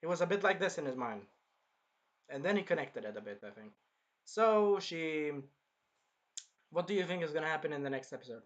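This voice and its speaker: A man giving a casual anime episode review, excitable, acting out scenes in bursts and swearing freely. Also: fairly high pitch, fairly quick, pauses often, dull audio.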